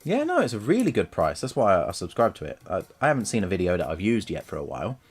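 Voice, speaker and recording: Low-voiced chatty man. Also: wildly swooping pitch, fast talker, husky, faint music behind. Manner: chatty, jokey, rambling. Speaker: streamer painting miniatures. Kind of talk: casual chat.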